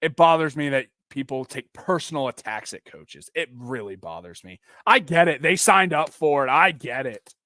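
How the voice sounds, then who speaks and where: A young man in his twenties rants on his own podcast, frustrated and emphatic. His voice sits high and sounds bright and forceful. The recording is dry and close. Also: expressive, normal speed, hardly any pauses, dry recording. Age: 20s. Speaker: podcast host and football coach. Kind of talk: solo podcast rant.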